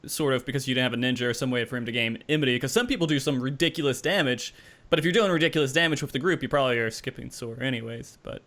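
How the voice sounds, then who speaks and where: A man's voice: medium pitch, racing, a bit bright. A man hosting a gaming podcast, chatting casually and steering the questions to his guests. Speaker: podcast host.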